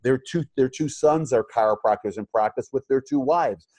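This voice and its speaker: A man's voice: medium pitch, normal speed, a little mellow, no echo. Rambling middle-aged man, dry sound. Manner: rambling, many fillers and restarts. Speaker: chiropractor and practice coach. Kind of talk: casual interview conversation.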